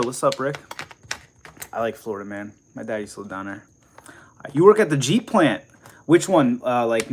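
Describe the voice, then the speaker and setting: A man's voice: mid-range voice, a bit bright, slight background noise. Chatty man rambling on a live stream. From New Jersey. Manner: rambling, chatty, laughs often, greets viewers. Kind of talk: casual live stream chat reading comments.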